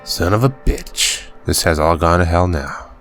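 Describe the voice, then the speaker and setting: A man's voice: deep voice, lively intonation, measured pace, a bit bright, soft background music. A man reading out a weary, working-class miner father who grumbles and swears about the company but is tender with his son, in a put-on accent. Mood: bitter.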